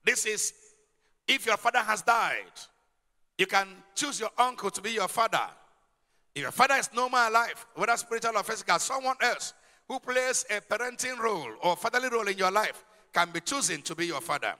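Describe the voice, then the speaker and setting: A man's voice: sits high, animated, a little fast, pushed and bright. A man preaching a sermon, emphatic and calling out questions to his congregation. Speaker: pastor. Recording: long hall reverb.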